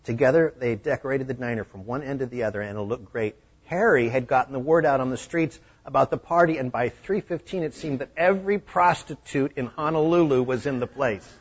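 A man preaching a sermon, telling a story with animated voices. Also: medium pitch, brisk, hardly any pauses, husky. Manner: animated, acting out the scenes. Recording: dull lo-fi recording.

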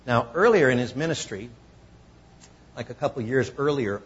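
A man preaching a conversational sermon, teaching from scripture and acting out quoted voices with lively emphasis. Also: medium pitch, moderate pace, husky, highs cut off. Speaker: pastor.

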